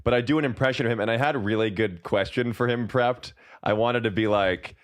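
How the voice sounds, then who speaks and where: A man talking as a podcast guest, animated, with many fillers. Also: medium pitch, fairly quick. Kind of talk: casual chat.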